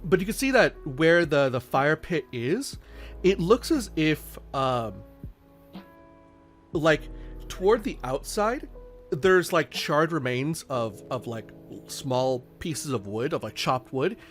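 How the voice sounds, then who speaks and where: A man's voice: fairly high pitch, lively intonation, takes it slowly, a bit bright. Rambling man game master over faint music. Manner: rambling with many fillers. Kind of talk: narrating a tabletop game.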